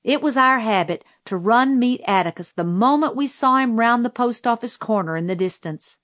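A woman's voice: on the high side, expressive, fairly bright tone, no echo. Woman narrating a novel, dry sound. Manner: measured storytelling, voicing characters lightly. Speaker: audiobook narrator.

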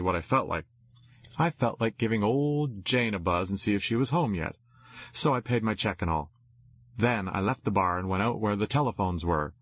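Brief: low husky male narrator, wry and rambling, dry close sound. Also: no room sound. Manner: wry, rambling confessional delivery. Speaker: audiobook narrator. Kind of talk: first-person audiobook narration. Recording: dull lo-fi recording.

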